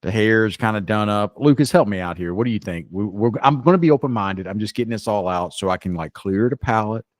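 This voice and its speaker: A man with a lowish voice chats casually with friends, rambling through restarts in a playfully judgmental way. The sound is dry and close, with no room around it. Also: animated, a little fast, few pauses, no echo. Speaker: co-host. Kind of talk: casual group chat.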